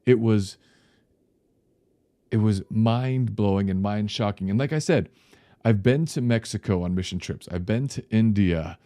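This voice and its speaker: A middle-aged man, a pastor, telling a story in a casual, animated way and laughing now and then. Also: fairly low pitch, measured pace, dry recording.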